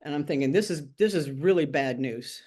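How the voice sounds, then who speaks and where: Husky and mellow, pitched low, this older woman from Tennessee talks at a moderate pace. Her oral history interview is candid personal storytelling, told frankly and wryly, with impressions of the people she quotes.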